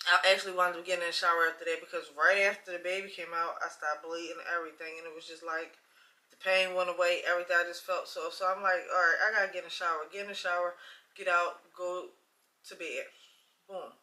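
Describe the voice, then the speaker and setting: A woman in her late thirties telling a personal story in a casual, chatty way. She acts out both sides of conversations and swings between loud and hushed. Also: lowish voice, little pitch movement, fast. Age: late 30s. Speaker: vlogger sharing a personal testimony.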